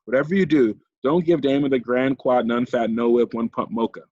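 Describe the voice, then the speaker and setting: A man's voice: medium pitch, steady tone, a little fast, warm tone, dry recording, close to an everyday voice. A man voicing a harried young female production assistant who rattles off long coffee orders. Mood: urgent. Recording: dull lo-fi recording.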